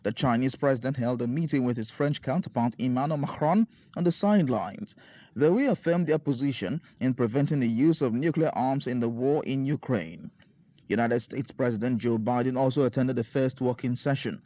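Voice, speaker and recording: A man reading a scripted news report voice-over in a steady, formal way. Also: mid-range voice, moderate pace, dry recording. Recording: dry, slightly dull studio voice-over.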